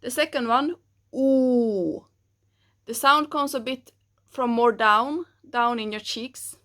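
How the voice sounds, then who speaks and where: Slow patient woman teaching pronunciation. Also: fairly high pitch, pushed and bright. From Sweden. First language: Swedish. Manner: slow and patient, models sounds for the learner to repeat. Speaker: language teacher. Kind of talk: pronunciation lesson.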